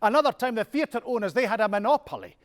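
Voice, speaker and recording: An actor playing an older Scottish music-hall star in a stage monologue, telling stories with a chuckling, self-mocking manner. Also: male voice, very high-pitched, lively intonation, fast. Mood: jovial boasting. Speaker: music-hall performer in a one-man stage show. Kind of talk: theatrical monologue.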